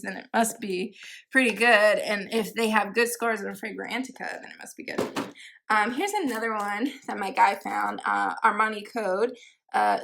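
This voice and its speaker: A woman's voice: mid-range voice, creaky, fairly bright tone, a little hiss or hum. A woman chatting casually through a perfume haul, full of fillers, giggles and teasing herself about pronunciations. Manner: unsure pronunciations, self-teasing. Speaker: beauty vlogger.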